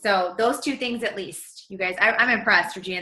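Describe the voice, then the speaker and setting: A woman hosting a motivational team coaching call, gushing and energetic in casual chat. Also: mid-range voice, fairly quick, echoey room, a little hiss or hum, rough recording.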